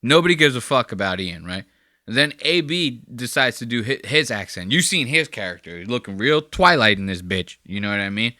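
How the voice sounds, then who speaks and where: A man riffing on a clip in a casual, swear-heavy, mocking way. His voice has a tense, forceful edge and swings widely up and down as he gets worked up. The sound is close and dry. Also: mid-range voice, a little fast, no room sound. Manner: profane, mocking, animated. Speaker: podcast host. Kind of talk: casual reaction commentary.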